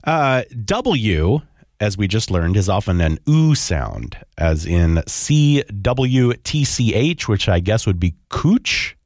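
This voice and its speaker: A man's voice: fairly low pitch, very animated, takes it slowly, darkish tone, no echo, clean studio sound. A man co-hosting a podcast in casual chat, hesitantly sounding out words with laughs and restarts. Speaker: podcast co-host.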